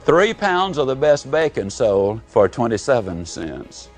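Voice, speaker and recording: A man giving a live motivational speech, telling folksy stories and swinging between booming and hushed delivery. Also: big pitch swings, unhurried, soft background music. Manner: folksy storytelling. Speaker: motivational speaker.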